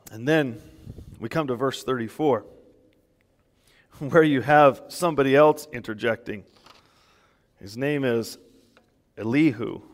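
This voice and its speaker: A man preaching a sermon as pastor, emphatic and animated, with small laughs between points. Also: mid-range voice, big-room sound.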